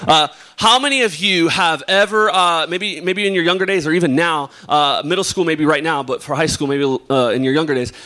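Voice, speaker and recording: Young male preacher, bright, slightly high voice, chatty and filler-heavy storytelling at a church service. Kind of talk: sermon with opening prayer and personal story. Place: church or youth service hall.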